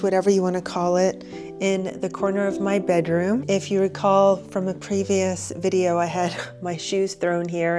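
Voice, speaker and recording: Candid woman in her forties, lower voice. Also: warm tone. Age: 40s. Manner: candid and emotional, talking to the viewer. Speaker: wellness vlogger. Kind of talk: reflective personal vlog. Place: small reading nook in a bedroom.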